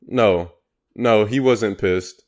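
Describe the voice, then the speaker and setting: Blunt, crude old painter voiced by a male reader; low, unhurried delivery. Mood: offhand. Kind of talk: audiobook character reading.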